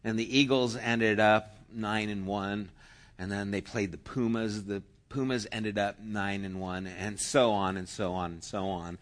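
Slow-preaching man with loud cheering bursts. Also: on the low side, steady tone. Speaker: pastor. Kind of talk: sermon.

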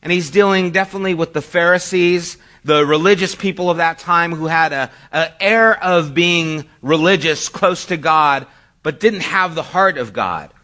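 Man giving a sermon, bright tone, chatty and self-mocking, middle-aged. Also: a little high, normal speed. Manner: conversational storytelling with self-deprecating asides. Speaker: pastor.

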